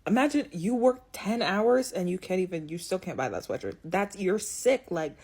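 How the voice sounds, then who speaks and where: A woman's voice: lowish voice, animated, normal speed, a little mellow, husky. A young woman giving blunt, sarcastic opinions in a casual monologue, swearing freely. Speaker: video commentator.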